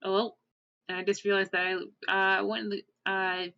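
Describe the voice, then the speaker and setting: A woman's voice: mid-range voice, little pitch movement, moderate pace, creaky, sharp tone, clean tone, dry recording. A woman narrating her character's actions in a tabletop role-play, hesitant and full of fillers. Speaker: tabletop player. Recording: dull lo-fi dry audio.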